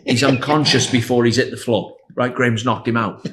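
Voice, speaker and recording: A man in his sixties, a former footballer, telling animated anecdotes as a podcast guest and laughing as he goes. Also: medium pitch, brisk. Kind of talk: anecdotal storytelling.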